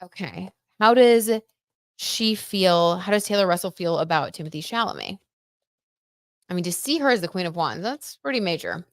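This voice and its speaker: A woman's voice: fairly low pitch, sing-song, moderate pace, no room sound, clean studio sound. A young woman hosting a casual live tarot reading, chatty and gushing, with lots of "like" and "oh my gosh". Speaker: tarot reader and live stream host.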